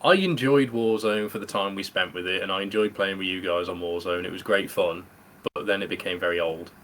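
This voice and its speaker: A British man in his thirties hosts a casual gaming podcast with friends, rambling and chatting and laughing often. His voice is low-pitched and a bit bright, he speaks briskly, and the recording quality is low.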